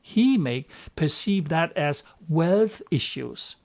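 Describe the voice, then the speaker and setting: A man's voice: on the high side, animated, slow pace, darkish tone. A man coaching other coaches in an instructional live stream, talking earnestly and often repeating words as he restarts. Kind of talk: instructional talk.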